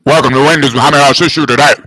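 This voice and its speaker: A man putting on the voice of a loud fast-food manager who yells every greeting into the drive-thru intercom, lower than his own voice. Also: fairly even intonation, slightly rough. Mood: yelling cheerfully. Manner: yelling, loud and overbearing.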